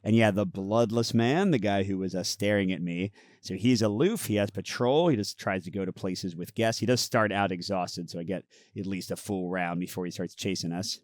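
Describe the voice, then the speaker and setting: A man hosting a casual playthrough and review of a card game, explaining the rules in a relaxed way. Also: sits low, normal speed, hardly any pauses, dry recording, clean studio sound. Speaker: host.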